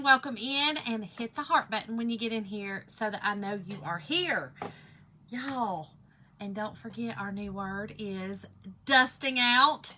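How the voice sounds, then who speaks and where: Chatty, bright-voiced woman. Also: a little high. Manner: chatty, greets viewers by name, excitable. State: one ear still muffled. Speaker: craft livestream host. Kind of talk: casual live-stream chat.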